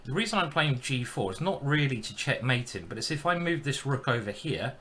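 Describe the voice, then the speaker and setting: A man's voice: mid-range voice, animated, brisk, pushed and bright, slight background noise. A man giving casual live-stream commentary while playing chess, chatty and thinking aloud.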